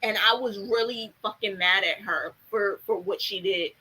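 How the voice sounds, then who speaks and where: Bright-voiced, chatty young woman. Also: medium pitch, normal speed, slightly rough, rough recording. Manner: chatty, filler-heavy, blunt with swearing. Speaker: TV show commentator. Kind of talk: casual chat.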